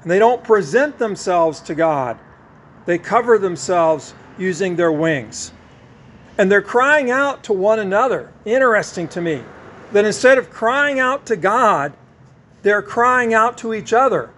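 A man preaching a sermon, teaching slowly and drawing out his stressed words. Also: high-pitched, lively intonation, fairly bright tone. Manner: slow, emphatic teaching with drawn-out stressed words.

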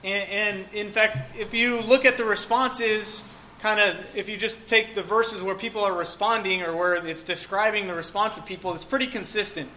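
A man's voice: sits high, fairly even intonation, moderate pace, pushed and bright, a little hiss or hum. A man preaching a sermon in a casual, joking way, often saying "okay" and "um". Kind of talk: conversational sermon.

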